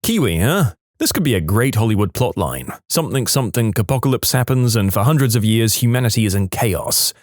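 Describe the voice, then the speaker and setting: Male narrator, scripted reading of online comments, wry, very expressive pitch, dry close sound. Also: brisk, no room sound.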